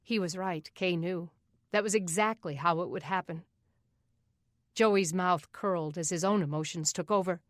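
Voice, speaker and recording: A woman's voice: fairly low pitch, moderate pace, dry recording, clean studio sound. Woman narrating an audiobook. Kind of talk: scripted narration.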